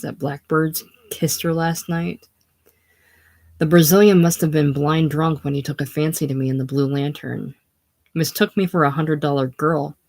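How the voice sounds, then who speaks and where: A reader voicing a proud, wounded young woman with a soft but sharp-tongued manner in a casual play reading. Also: medium pitch, close to an everyday voice. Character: proud, hurt young woman, fallen lady.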